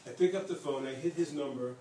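A man speaking to an audience, telling a story with lively repetition and emphasis. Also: on the high side, fast talker. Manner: animated storyteller who repeats phrases for emphasis. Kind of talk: storytelling talk. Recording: echoey hall, distant mic, faint hiss.

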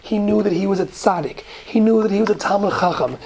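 A woman's voice: medium pitch, quick pace, a little mellow, slight background noise. A woman teaching a Torah lesson, reading Hebrew verses and explaining them in English. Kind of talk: lecture on Genesis text.

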